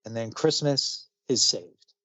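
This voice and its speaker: A man's voice: medium pitch, slow pace, pushed and bright, no room sound. A man casually recapping a comic book plot on a podcast, rambling with plenty of fillers. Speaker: podcast co-host. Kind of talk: casual comic review chat. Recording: slightly muffled dry recording.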